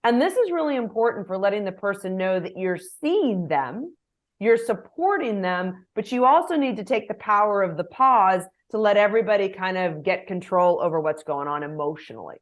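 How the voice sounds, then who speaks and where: A middle-aged woman executive coach answering interview questions in a lively way, acting out example phrases. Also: mid-range voice, moderate pace. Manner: animated, gives examples with acted phrases.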